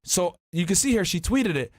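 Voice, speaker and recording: A man's voice: high-pitched, normal speed, no room sound, studio quality. A man hosting a podcast, ranting and swearing as he reads out messages. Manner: profane, animated ranting while reading texts aloud. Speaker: podcast host. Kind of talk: casual podcast commentary.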